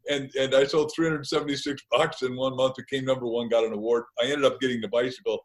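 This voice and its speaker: A man's voice: mid-range voice, fairly even intonation, fast, poor audio. A man chatting as a guest author, telling stories in a jokey, rambling way. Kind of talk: casual interview chat.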